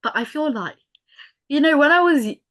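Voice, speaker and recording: A woman's voice: high-pitched, animated, moderate pace. A young woman hosting a podcast, talking candidly and correcting herself, swearing freely. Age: young adult. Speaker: podcast host. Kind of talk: casual chat.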